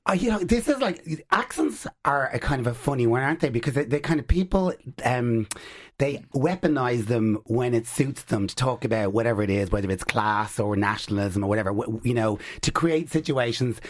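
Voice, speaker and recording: A man's voice: mid-range voice, expressive, a little fast. An Irish man chatting on an advice panel, rambling and loose with plenty of fillers. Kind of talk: casual radio chat.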